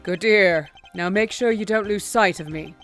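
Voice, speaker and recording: A woman voicing a cool, formal male prosecutor, reading game dialogue aloud in a lowered, restrained way. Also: moderate pace, a bit bright, soft background music, lightly acted. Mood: composed.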